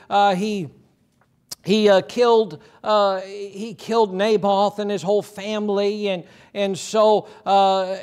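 A male pastor preaching a sermon, retelling Bible stories and often restarting his sentences. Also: sits high. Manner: preaching with many repeated starts and retold Bible dialogue.

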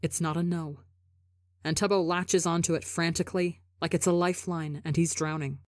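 A woman narrating a fan fiction audiobook in a soft, measured storytelling manner. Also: on the low side, fairly even intonation, no room sound, clean studio sound. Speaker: podcast reader.

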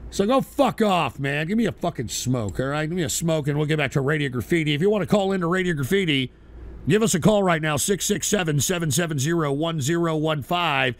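A man's voice: a little high, lively intonation, fairly quick. A middle-aged man hosting a call-in radio show, ranting crudely and abrasively at callers.

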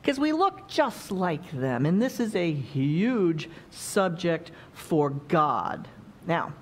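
A woman's voice: on the low side, big pitch swings, takes it slowly, a little hiss or hum. A woman preaching a sermon in a conversational way, often checking in with the congregation by asking questions.

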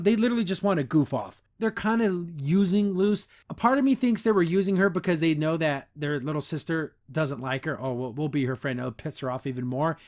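A man with a voice that sits high hosts a podcast where he casually recaps a cartoon episode. He rambles, says "like" constantly, and acts out the lines he quotes.

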